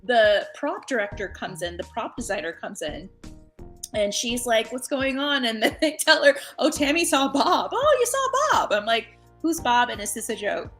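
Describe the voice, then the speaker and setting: Woman podcast guest, bright and high, lively storyteller, faint music under. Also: normal speed. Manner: animated, laughing, acts out voices in her story. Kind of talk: casual storytelling.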